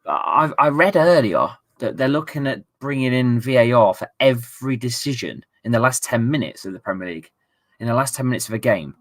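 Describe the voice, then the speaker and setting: A man's voice: mid-range voice, expressive, fairly quick, a bit bright. A young man chatting casually on a football live stream, reading viewer messages aloud and laughing often.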